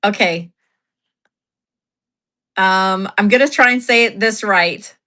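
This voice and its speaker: A woman's voice: mid-range voice, slow pace, sharp tone. A woman hosting a casual livestream, telling a story in a chatty way, laughing often and reading chat aloud. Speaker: livestream host.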